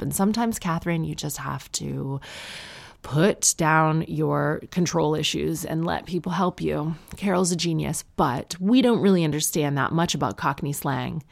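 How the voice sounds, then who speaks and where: Low gravelly woman joking about her life. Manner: chatty, joking and self-deprecating with quick asides. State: tired. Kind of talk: casual comedic monologue.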